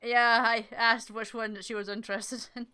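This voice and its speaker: A woman's voice: fairly high pitch, level tone, normal speed, sharp tone, clean tone. A woman playing in a tabletop game, chatting casually and hesitantly. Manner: giggly, hesitant. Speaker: player.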